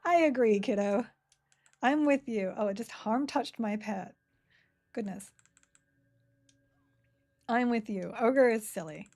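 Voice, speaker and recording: A woman's voice: a little high, slow pace, long pauses, darkish tone. Woman, live game stream, chatty, giggly, self-mocking. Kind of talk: casual live-stream chat while playing.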